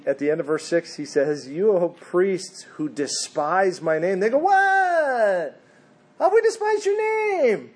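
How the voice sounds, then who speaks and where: A man's voice: a little high, a little mellow. A man preaching a sermon in an earnest way, sometimes mimicking whiny voices of the people he quotes. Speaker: pastor.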